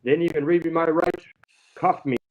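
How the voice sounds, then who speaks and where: A man's voice: fairly high pitch, fairly even intonation, moderate pace. Male guest on a livestream, rambling and profane, dull audio. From Canada. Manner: rambling, heavily profane, aggrieved. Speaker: guest telling his story. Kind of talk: casual livestream chat.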